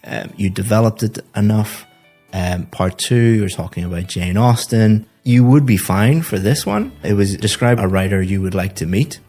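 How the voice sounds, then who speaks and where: Deep-voiced man giving test feedback. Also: normal speed, soft background music. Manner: calm, methodical, repeats words when thinking. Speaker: IELTS teacher giving feedback. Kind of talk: speaking test feedback and course promo.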